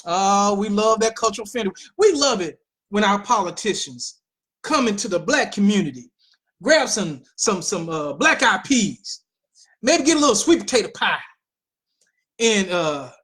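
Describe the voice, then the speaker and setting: A woman hosting a political commentary show, talking in an animated way with mocking asides and repeated phrases. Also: fairly high pitch, moderate pace. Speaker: host.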